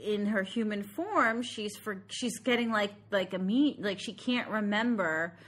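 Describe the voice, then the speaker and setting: A woman's voice: medium pitch, fairly bright tone. A woman co-hosting a podcast, chatting casually about a movie and laughing often. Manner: chatty, quick to laugh, agreeable. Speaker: podcast co-host. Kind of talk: casual movie review chat.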